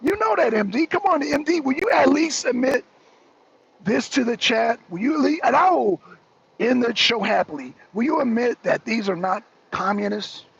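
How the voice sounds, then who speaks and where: A man hosting a political talk show, excitable and argumentative, pressing his co-host with repeated questions. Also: very high voice, normal speed, gravelly, breathy edge. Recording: dull lo-fi recording.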